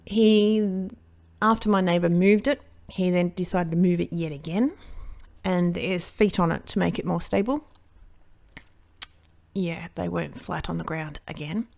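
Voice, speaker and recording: A woman's voice: on the low side, creaky, a little mellow. An Australian woman chatting casually while she crafts, telling a long rambling story that keeps interrupting itself. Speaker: card-making crafter.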